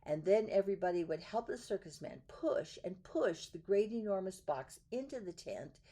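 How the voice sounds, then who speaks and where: A woman reading a picture book aloud in a gentle, soft way, drawing out some words. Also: mid-range voice, expressive. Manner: gentle, soft, drawn-out in places. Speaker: storyteller.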